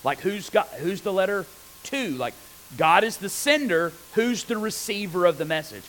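Animated preacher man, slightly higher voice. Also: moderate pace, poor audio. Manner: animated, asks the listeners rhetorical questions. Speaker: preacher teaching on scripture. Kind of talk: conversational sermon.

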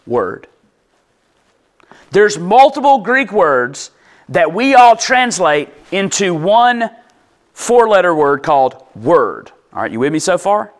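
A man's voice: sits high, fairly bright tone. A man teaching a sermon in a casual, conversational way, often checking in with listeners and repeating words as he explains. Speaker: pastor.

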